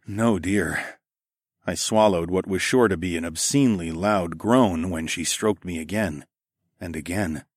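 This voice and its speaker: A man narrating a first-person erotic audiobook in a low, intimate, unhurried way. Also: no room sound, studio quality.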